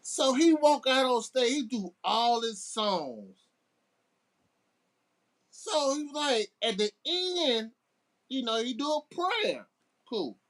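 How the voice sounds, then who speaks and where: Slow, lively storytelling DJ man. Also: very high voice. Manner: laid-back anecdotes with restarts, slips into the voices of people in his stories. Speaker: guest DJ. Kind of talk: casual storytelling.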